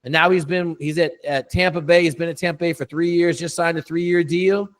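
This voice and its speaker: A man's voice: fairly high pitch, steady tone, fairly quick. A middle-aged man, a coach, telling a story in a casual interview, blunt and profane with lots of emphasis.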